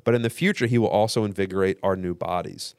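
Low-voiced man teaching theology. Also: a little mellow, clean tone, no echo, clean studio sound. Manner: earnest, measured explaining with repetition. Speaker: guest radio host and seminary teacher.

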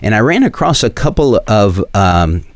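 A man with a Southern US accent giving earnest, preachy radio commentary, quoting scripture and pausing often with fillers and restarts. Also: fairly low pitch, sing-song, no echo, clean studio sound.

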